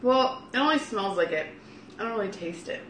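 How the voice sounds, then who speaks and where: A woman in a casual chat at home, dry and matter-of-fact, her voice bright and lively in its rise and fall. Her voice bounces around an echoey kitchen with a faint hiss behind it. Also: mid-range voice, fairly quick. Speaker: family member tasting food.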